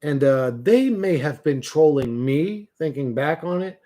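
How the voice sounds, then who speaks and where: A man's voice: on the high side, animated, measured pace, warm tone. A man hosting a livestream, talking bluntly and profanely in a rambling, casual way with frequent restarts. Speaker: livestream host.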